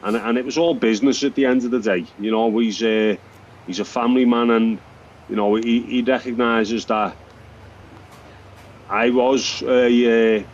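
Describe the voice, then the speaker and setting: Halting ex-boxer on dull-sounding radio. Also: male voice, medium pitch, steady tone, a little hiss or hum. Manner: halting, thoughtful, many restarts. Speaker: former boxer, pundit. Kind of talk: radio sports chat. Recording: dull broadcast audio.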